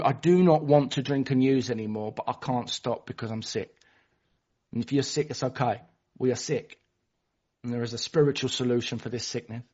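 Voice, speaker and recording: A man's voice: mid-range voice, darkish tone. A man speaks at a recovery meeting in a mid-range voice, plainly and candidly, stumbling and restarting as he goes. His story swings between self-mockery and raw honesty. The sound is a little dull, like audio from an online call. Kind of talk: personal recovery share.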